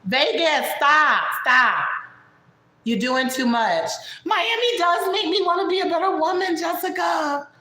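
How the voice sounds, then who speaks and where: A hoarse woman putting on a loud, brash, excitable female friend who shouts and shrieks. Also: measured pace, reverberant, heavily acted, poor audio. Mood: scolding. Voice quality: shrill, yelling.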